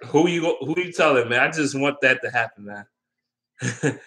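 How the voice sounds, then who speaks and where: Bright-voiced man rambling about sports. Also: mid-range voice, measured pace. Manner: rambling and opinionated, with loose slang and frequent ums. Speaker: sports vlogger. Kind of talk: casual sports talk.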